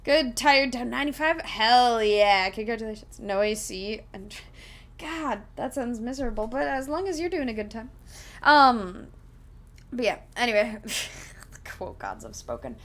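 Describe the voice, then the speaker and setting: A woman's voice: on the high side, expressive, unhurried, fairly bright tone. A woman streaming live, chatting casually with viewers in a rambling way, giggling and full of fillers while she explains a tabletop game.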